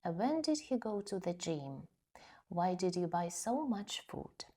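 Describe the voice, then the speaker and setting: A woman teaching an English grammar lesson, explaining slowly and carefully and reading example sentences. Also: fairly low pitch, big pitch swings, mellow.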